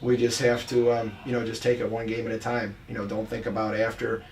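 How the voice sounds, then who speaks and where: A man's voice: lowish voice, monotone, fairly quick, a little mellow. A middle-aged man from Buffalo, a college basketball coach, chatting casually and rambling through stories with many restarts and fillers. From Buffalo, New York. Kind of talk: casual podcast chat. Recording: distant mic with faint background noise.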